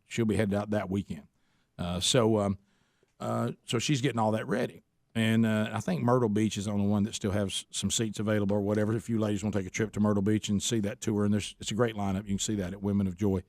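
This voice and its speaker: A man's voice: on the low side, fairly even intonation, fast, darkish tone, dry recording, studio quality. A man hosting a radio show, telling a long story in a casual, rambling way with many restarts.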